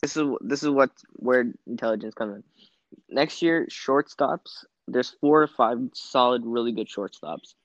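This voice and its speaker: A man talks baseball with firm, opinionated takes and a quick delivery. His voice sits at a middle pitch. The recording is slightly dull and very dry, with no room sound. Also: no room sound. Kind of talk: casual sports chat.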